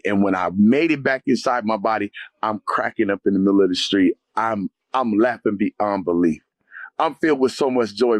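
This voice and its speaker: A man's voice: mid-range voice, no room sound. A man, a guest on the show, telling an emotional spiritual testimony in a fervent, vivid way and often calling his listener "man" or "brother".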